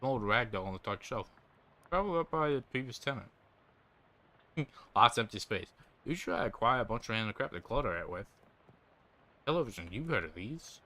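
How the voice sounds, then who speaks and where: A man's voice: mid-range voice, lively intonation, fairly quick, pauses often, pushed and bright. A man casually commenting on a game and reading its text aloud as he plays. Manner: casual, offhand remarks. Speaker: gaming video host.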